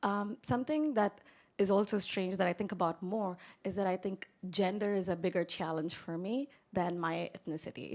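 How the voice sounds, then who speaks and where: A woman workshop participant sharing a personal reflection slowly and earnestly. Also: fairly low pitch, vocal fry, a little mellow.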